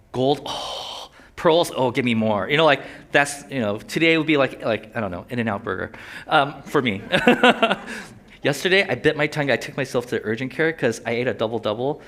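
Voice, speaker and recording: A young man gives a sermon in an easy, talkative way, tossing in jokes and acting out people's inner thoughts. He speaks with a slight lisp from a sore tongue. His voice is bright and forceful, and it sits a little high for a man. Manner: conversational, joking asides, voices inner thoughts. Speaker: preacher.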